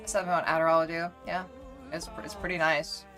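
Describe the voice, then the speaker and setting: A woman's voice: lowish voice, steady tone, quick pace, a bit bright, soft background music. A woman streamer chatting casually with her viewers, rambling along with many restarts.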